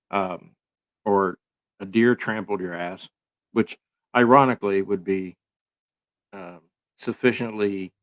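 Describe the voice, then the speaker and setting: A man giving casual, rambling commentary full of sarcastic jokes and filler words. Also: low voice.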